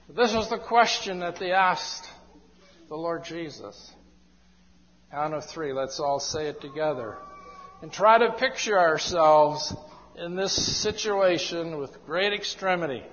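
A man preaching an evangelistic sermon in a church hall, with slow, emphatic, drawn-out phrasing. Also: fairly high pitch, a bit bright. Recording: dull echoey hall recording.

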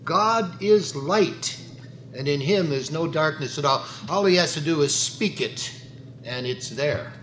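A man making deliberate remarks during a Bible study discussion. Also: on the high side, animated, fairly bright tone, reverberant, a little hiss or hum, poor audio.

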